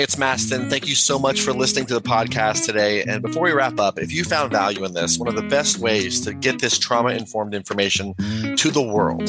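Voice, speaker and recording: A podcast host, a man, giving a relaxed, earnest outro appeal to his listeners. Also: fairly low pitch. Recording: loud guitar music under the voice.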